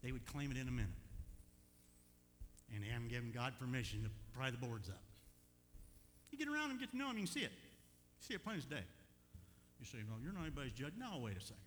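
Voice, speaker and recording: A man preaching a sermon as pastor, in a folksy, animated way with chuckles between points. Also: medium pitch, brisk, pauses often, big-room sound, slight background noise.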